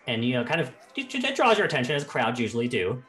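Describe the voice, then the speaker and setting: Animated man narrating a tabletop game. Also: mid-range voice, fast talker, faint music behind. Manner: animated, rambling with fillers. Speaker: game master.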